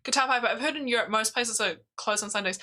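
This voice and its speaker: A woman with a New Zealand accent, chatting on a stream and telling animated stories. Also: on the high side, fast talker. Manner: animated storytelling, laughs easily. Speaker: stream co-host. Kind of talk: casual chat.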